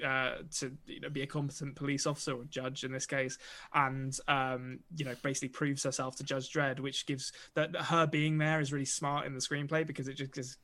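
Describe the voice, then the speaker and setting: A man's voice: medium pitch, fairly bright tone. A man co-hosting a film podcast, talking casually with plenty of fillers and restarts. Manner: chatty, lots of fillers and restarts. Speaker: podcast co-host.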